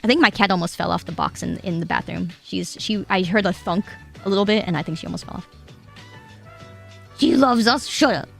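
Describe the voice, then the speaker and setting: A woman's voice: on the low side, fast talker, gravelly, few pauses, fairly bright tone, soft background music. A young Japanese woman chatting casually to her live-stream chat, giggly and rambling, swearing now and then. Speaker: VTuber streamer.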